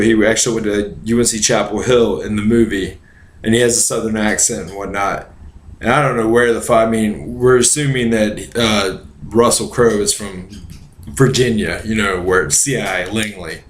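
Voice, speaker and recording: A man's voice: on the low side, steady tone, normal speed. Rambling, profane, drunk man in an echoey room. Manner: rambling, profane, goes off on tangents. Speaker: podcast host. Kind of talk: casual movie chat. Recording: roomy echo.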